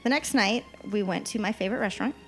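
A woman chatting on a podcast, spinning an animated story and slipping into the voices of the people in it. Her pitch sits in an ordinary middle range, with soft music playing faintly underneath. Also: quick pace. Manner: lively storyteller who acts out quoted dialogue. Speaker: podcast co-host giving a trip report. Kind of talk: casual podcast chat.

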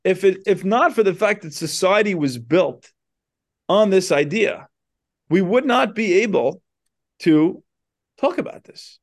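Man, class teacher, synagogue, rambling storytelling, fairly high voice. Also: animated, a little slow, pauses often. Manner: retells stories loosely, many "you know" asides. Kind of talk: storytelling lecture.

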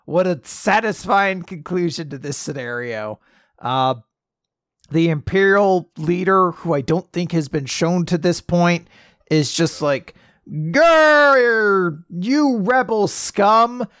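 High-voiced young man joking through a recap. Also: unhurried, dry recording, studio quality. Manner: jokey, acts out quoted lines in silly voices. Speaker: podcast co-host recapping an anime. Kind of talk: casual chat.

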